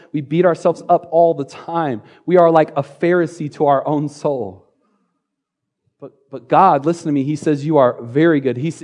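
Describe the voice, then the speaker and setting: Male pastor, lively sermon delivery, jokes, slightly higher voice, church stage. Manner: playful, energetic preaching with jokes and repetition.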